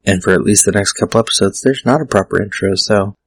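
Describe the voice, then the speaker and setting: Gravelly, husky man hosting a podcast. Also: fairly low pitch, quick pace. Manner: self-mocking, stumbles over words. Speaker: podcast host. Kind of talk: casual solo podcast talk.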